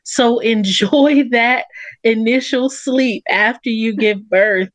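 A woman's voice: a little high, takes it slowly, no echo. A woman co-hosting a podcast, talking earnestly and encouragingly to a guest. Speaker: podcast co-host. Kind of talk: heartfelt casual chat.

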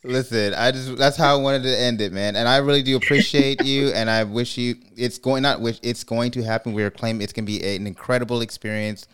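Smooth-voiced man telling a story. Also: medium pitch, fairly even intonation, a little fast, few pauses. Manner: warm storytelling with laughs and acted-out quotes. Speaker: podcast co-host. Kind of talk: casual chat.

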